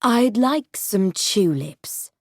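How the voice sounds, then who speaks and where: A woman reading as a gentle farm wife. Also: mid-range voice, animated, very slow, no room sound, studio quality, heavily acted.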